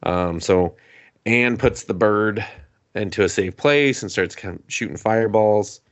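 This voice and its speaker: A man's voice: fairly low pitch, measured pace, no echo. A man co-hosting a podcast, casually recapping an anime episode, acting out the characters' lines, laughing and swearing as he goes. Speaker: podcast co-host.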